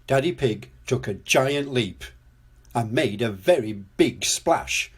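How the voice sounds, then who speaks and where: An older man reading a children's storybook aloud, gently and expressively, as storyteller. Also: medium pitch, lively intonation, slow pace, breathy edge.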